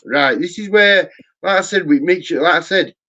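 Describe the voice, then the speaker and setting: A man with a fairly high voice rambles through a live-stream chat, swearing often. His voice jumps high when he mimics others, and the recording sounds dull and lo-fi. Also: normal speed, pushed and bright. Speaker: host.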